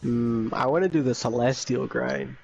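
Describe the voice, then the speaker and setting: A man's voice: medium pitch, normal speed, creaky, lo-fi sound, over a noisy crowd. A man chatting casually with a friend while gaming, laid-back and a bit hesitant.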